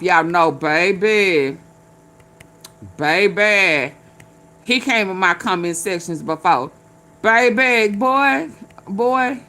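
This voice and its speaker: Slow-drawling woman livestream host. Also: mid-range voice, a bit bright. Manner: drawling, laughing, swearing, talks to viewers as y'all. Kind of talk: casual commentary to live chat.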